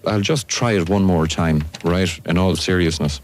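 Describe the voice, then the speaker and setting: A man's voice: sits low, moderate pace. A man on pirate radio reading a disco ad, mocking it and laughing through his lines. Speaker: radio presenter. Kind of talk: ad script read with joking asides. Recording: noisy old radio tape.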